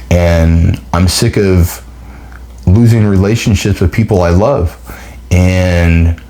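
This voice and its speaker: Emotional deep-voiced man giving encouragement. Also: mellow. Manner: emotional, heartfelt, halting with restarts. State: near tears. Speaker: podcast host. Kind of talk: motivational monologue.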